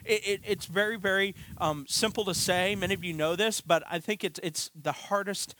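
A man in his thirties preaching a sermon, telling a funny family story with animated, self-deprecating delivery. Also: high voice, moderate pace, a little hiss or hum. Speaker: pastor.

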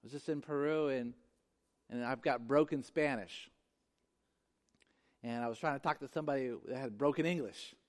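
A man's voice: medium pitch, normal speed, pauses often. A male pastor preaching a sermon, emphatic and repeating phrases for effect. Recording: long hall reverb.

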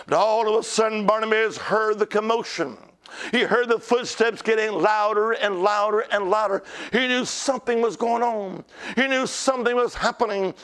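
Pastor guy preaching, really high voice, smooth, lots of call and response. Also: fairly bright tone. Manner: emphatic, rhetorical questions, call-and-response. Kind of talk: sermon.

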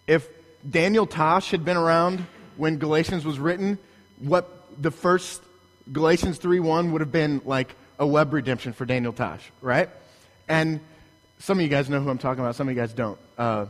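A high-voiced male pastor preaching with rising force, his lines pushed hard for emphasis. The sound trails off in the long reverb of a large hall. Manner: emphatic, builds to shouted lines. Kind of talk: sermon.

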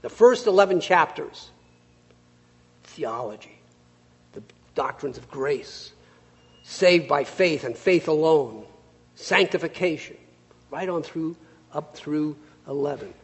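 Male preacher, husky and animated, slightly high voice, long hall reverb. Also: takes it slowly, long pauses. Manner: lively, conversational storytelling. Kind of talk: sermon with scripture reading.

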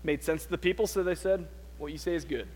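A man preaching a sermon, reading scripture with dramatic loud peaks and dropping to quiet, conversational asides. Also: fairly high pitch, fast talker, breathy edge, long reverb tail.

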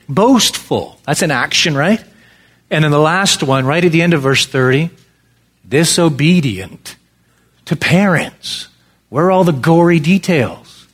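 A man's voice: on the high side, a bit bright. A man preaching an expository sermon, emphatic, with many rhetorical questions.

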